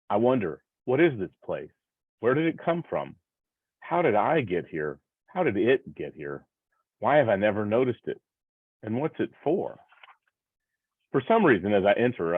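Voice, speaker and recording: A man in his sixties with a low voice reads his own essay aloud, slow and reflective, leaning on rhythmic repetition. The sound is thin and phone-like, with no room around it. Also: dry recording. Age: 60s. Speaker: professor presenting a paper. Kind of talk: reading a personal essay aloud. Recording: tinny phone-like line, dry.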